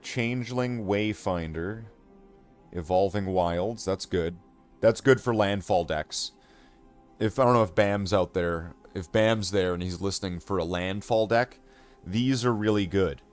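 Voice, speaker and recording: A man streaming a card game, rambling and talking himself in circles, often trailing off into low mutters. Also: measured pace, faint music behind. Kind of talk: casual gameplay commentary.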